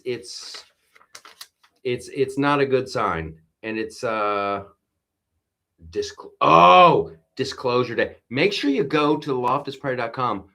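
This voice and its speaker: A man hosting a live talk show with rambling, emphatic commentary. He speaks at an unhurried, drawn-out pace, and his pitch sits in a middling range. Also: fairly bright tone. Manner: rambling, emphatic, reads viewer comments aloud. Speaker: livestream show host. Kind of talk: casual political commentary.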